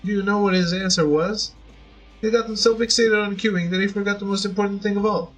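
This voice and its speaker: A man's voice: high-pitched, fairly even intonation, fast, soft background music, low-quality recording. A man voicing a fussy, unlucky middle-aged father with old-fashioned, rambling speech. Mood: rueful. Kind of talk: reading game dialogue aloud.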